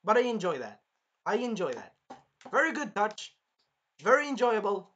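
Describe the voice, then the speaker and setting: A man recaps an anime episode in excitable, profane chat. He jumps into loud voices for the characters. His voice is bright and forceful. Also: high-pitched, normal speed, slightly rough, muffled recording. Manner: excitable, swears a lot, acts out characters in shouted voices. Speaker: anime reviewer. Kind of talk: casual anime recap and review.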